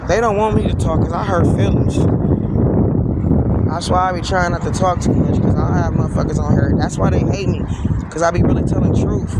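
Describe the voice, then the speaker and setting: A man in his forties with a rather high voice, venting in a blunt, heated, profane way. He is recorded outdoors, with street and traffic noise clearly heard behind him. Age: 40s. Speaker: vlogger. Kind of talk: casual ranting monologue.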